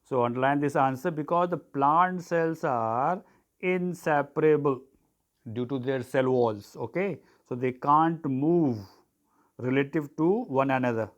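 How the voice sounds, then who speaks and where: A man's voice: mid-range voice, measured pace. A man teaching an online biology lesson, dictating terms for students to write down and spelling them out.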